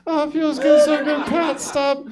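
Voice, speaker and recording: A man doing a breathy, moaning woman in bed. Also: very high-pitched, little pitch movement, a crowd in the background, voice pushed up. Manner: breathy drawn-out moaning, repeating a name.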